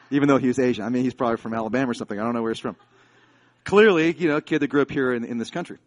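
A man's voice: medium pitch, fast. A man in his forties from the United States, preaching a sermon as a pastor. He tells stories in a chatty way, then builds to fervent, emphatic preaching.

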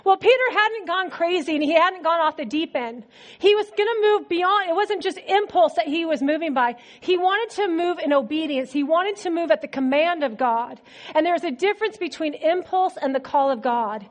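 A woman preacher giving a sermon in a conversational, animated storytelling manner. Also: very high voice, moderate pace.

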